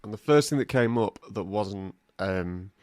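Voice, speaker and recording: A man's voice: on the low side, a little slow, a little mellow, no echo. A man co-hosting a podcast in casual, self-mocking chat, laughing often. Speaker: podcast co-host.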